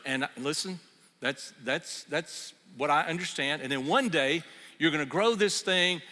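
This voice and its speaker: An older man preaching a sermon, telling the story in a lively, conversational way. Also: fairly high pitch, measured pace. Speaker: pastor. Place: church sanctuary. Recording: reverberant church hall.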